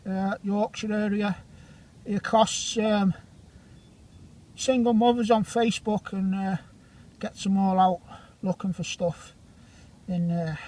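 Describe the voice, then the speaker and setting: A man in his forties with a fairly high voice rambles through casual commentary as he sweeps a field with a metal detector. He is jokey and chatty, teasing friends and handing out shout-outs between finds, recorded outdoors. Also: rough recording. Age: 40s.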